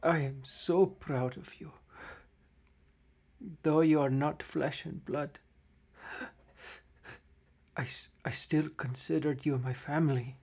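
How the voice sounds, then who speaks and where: A man voicing a gentle, proud old male deep gnome who is dying, speaking softly and haltingly. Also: steady tone, vocal fry, slightly rough, exaggerated voice. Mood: tender, fading. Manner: soft, slow and halting.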